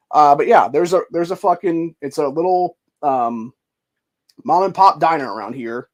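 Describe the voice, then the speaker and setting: Guy from ohio ranting on his podcast, swears nonstop, keeps saying dude, kinda high voice. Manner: profane, heated, swears constantly and says dude; reads news and comments aloud. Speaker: podcast host. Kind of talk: profane ranting commentary.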